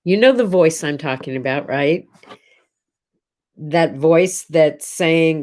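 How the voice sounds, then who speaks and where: Slow, chatty woman hosting a home vlog. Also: sits low, a little mellow. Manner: chatty, encouraging, asks viewers questions. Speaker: host. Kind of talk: casual morning vlog talk. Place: home room at a desk.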